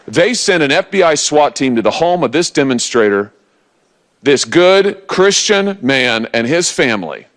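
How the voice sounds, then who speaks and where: A man's voice: on the high side, sing-song, a little slow, a bit bright. A man in his forties, a senator giving a political rally speech to a live audience, emphatic and rousing, with lots of repetition.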